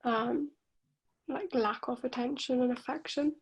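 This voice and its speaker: A woman client in a coaching session, speaking hesitantly and thoughtfully with many pauses. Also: high-pitched, breathy edge, rough recording.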